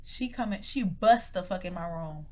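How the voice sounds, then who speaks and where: Animated woman spinning a profane story. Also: on the low side, normal speed. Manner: animated, profane, acts out voices in her stories; laughs hard, drops to whispers. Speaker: podcast co-host. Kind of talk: casual storytelling chat.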